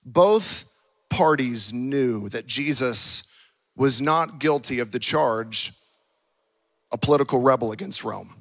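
A man's voice: mid-range voice, slow, fairly bright tone. A male pastor delivering an impassioned sermon and acting out scripture dialogue. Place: church auditorium.

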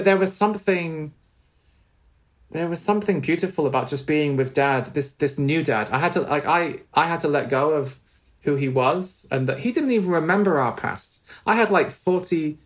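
A man, a spiritual teacher and podcast guest, telling a heartfelt story in a halting, earnest way with many restarts. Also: a little high.

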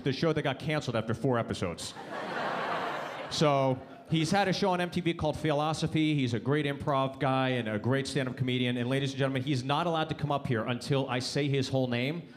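A man hosting a stand-up show on a comedy club stage, building hype as he introduces the next comedian. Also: medium pitch. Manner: building hype, stretching out the name.

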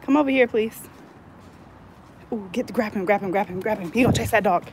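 A woman from the California Bay Area vlogs at home, out of breath as she shows off fresh braids, chatty, teasing, and full of slang. Her mid-range voice is brisk with a darkish tone, and there's a little hiss or hum.

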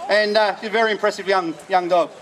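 Man, fairly high voice, plain practical explaining, outdoors with faint noise behind. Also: steady tone, fast talker, a bit bright. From Australia. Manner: explains plainly between short commands to dogs. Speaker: working dog trainer. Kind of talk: live outdoor demonstration talk. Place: outdoors at a festival display.

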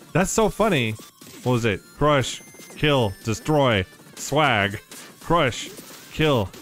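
A man streams a modded platform game while giving casual live commentary at a medium pitch. He's excitable and laughs easily, swears a lot, and reacts loudly whenever something surprises him.

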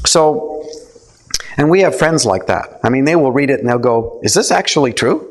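A man's voice: medium pitch, animated, normal speed. Man giving a casual theology talk. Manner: conversational, asks the audience questions, acts out quotes. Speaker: speaker teaching a theology session. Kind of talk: informal talk to a live audience.

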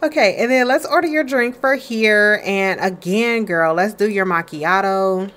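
A woman's voice: medium pitch, a little slow, fairly bright tone. A woman casually commenting on her life-sim game, chatty and playful, talking to her characters. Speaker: let's play streamer.

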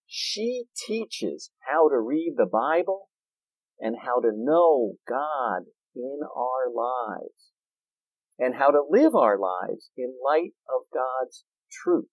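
A man preaching a sermon in a church, animated and playful, with jokes and asides. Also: medium pitch, takes it slowly, no room sound, lo-fi sound. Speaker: pastor.

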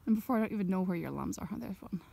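A young woman talks in a soft-spoken ASMR half-whisper as she walks through a sheep field. Her voice is mellow and gentle, and she keeps up a chatty murmur. Faint outdoor noise sits behind her. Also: medium pitch, expressive, very fast, creaky. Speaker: ASMR creator and farmer.

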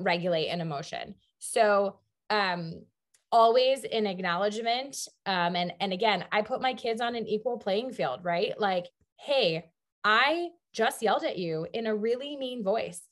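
Earnest mother talking on a panel. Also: medium pitch. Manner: earnest, fillers like "um" and "like". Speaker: parent panelist. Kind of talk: panel discussion.

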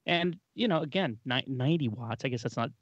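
A man's voice: mid-range voice, lively intonation, fairly quick, no echo, muffled recording. A man co-hosting a casual tech podcast, chatty and joking, with hesitant fillers. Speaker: podcast co-host.

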